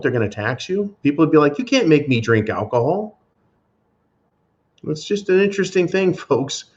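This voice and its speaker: On a dull, lo-fi recording, a man rants alone on his podcast with plenty of sarcasm and profanity. He speaks at a middling pitch.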